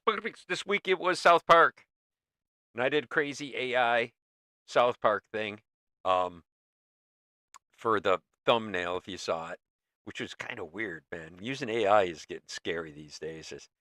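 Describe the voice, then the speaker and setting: A man's voice: on the low side, bright, forceful tone, no room sound, studio quality. A man hosting a livestream, chatting casually to his viewers in a loose, rambling way. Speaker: livestream host.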